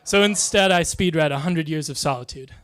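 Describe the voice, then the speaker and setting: A man doing stand-up comedy, delivering deadpan one-liners in a dry, soft-spoken way. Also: a little high, a little fast.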